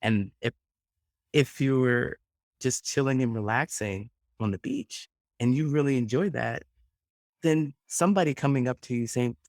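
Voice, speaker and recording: A man working as a friendship coach, answering interview questions as an animated storyteller who acts out voices and laughs often. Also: medium pitch, normal speed, no room sound, clean studio sound. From United States.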